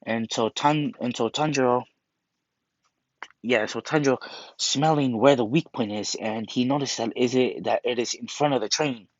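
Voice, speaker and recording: A man rambles through a story in casual speech, full of restarts and fillers. His voice sits at a middle pitch. The recording is muffled and lo-fi, with no room echo. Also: moderate pace.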